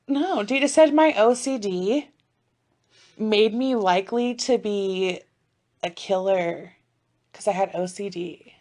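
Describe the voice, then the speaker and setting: A woman in her thirties co-hosts a podcast, speaking at medium pitch and slowly. She tells stories in casual chat, swinging animatedly between loud outbursts and hushed asides, with plenty of swearing.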